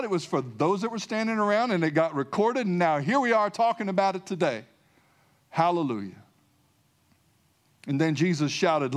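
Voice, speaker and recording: A man's voice: medium pitch, normal speed. A man preaching a sermon, emphatic, repeating key phrases and calling out hallelujah.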